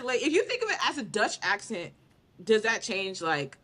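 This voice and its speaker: A woman's voice: mid-range voice, sing-song, moderate pace, a bit bright. Emphatic woman podcast co-host. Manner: emphatic, confident opinions. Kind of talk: casual chat.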